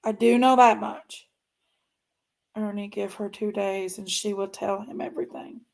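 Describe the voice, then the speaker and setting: A true crime channel host chats directly to viewers on a casual livestream, often trailing off and repeating herself. Her medium-pitched voice is gravelly and darkish, with fairly even intonation and a measured pace.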